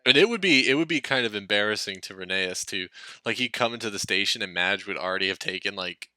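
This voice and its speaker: A man co-hosting a podcast, chatting in a relaxed, easygoing way. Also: lowish voice, quick pace, dry recording. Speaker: podcast co-host. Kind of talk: casual chat.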